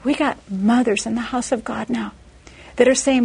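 A woman preaching a sermon, telling a personal story in an animated way and acting out the voices of the people in it. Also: normal speed, gravelly, slightly rough. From Texas, USA. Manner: animated storytelling, acting out quoted voices with big pitch jumps.

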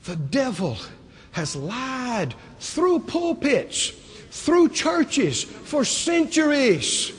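A man from the American South with a Southern accent, preaching a lively sermon with rhetorical questions and acted-out voices. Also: very high voice, drawn-out words, long reverb tail.

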